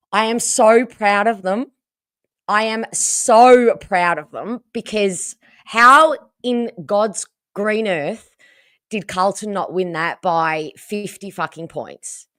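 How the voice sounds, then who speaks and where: An Australian woman hosting a casual livestream, hoarse from losing her voice and chatting with viewers about the game. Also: mid-range voice, no room sound, studio quality. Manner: chatty and animated, reading out viewer comments. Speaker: livestream host.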